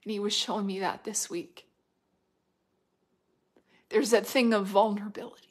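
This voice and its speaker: A middle-aged woman delivering a prophetic word, fervent and repetitive, swinging between loud declarations and hushed whispers. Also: mid-range voice, steady tone, moderate pace. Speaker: prophetic minister.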